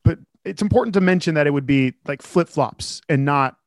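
A man's voice: on the high side, brisk, gravelly, no echo, clean studio sound. A man co-hosting a podcast, teasing and laid-back in casual chat. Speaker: podcast co-host.

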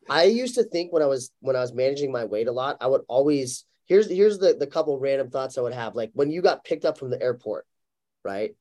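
A man chatting casually on a podcast, telling stories animatedly with lots of fillers. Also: mid-range voice. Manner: animated storyteller, acts out quotes, lots of fillers. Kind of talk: casual chat.

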